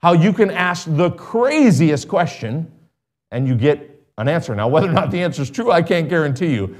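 A man's voice: fairly high pitch, sing-song, moderate pace. A middle-aged man preaching a sermon in a conversational way, with sarcastic asides and emphatic rises.

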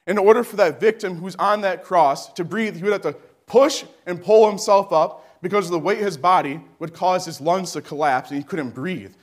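A man preaching a sermon with fervent delivery that climbs to shouting. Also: sits high, normal speed, few pauses.

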